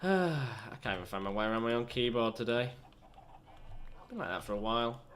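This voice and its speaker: With a mid-range, slightly bright voice and a brisk pace, a young British man delivers let's play commentary on his own game. As a gaming channel host, he chats, rambles and jokes at his own expense, with a little hiss or hum present.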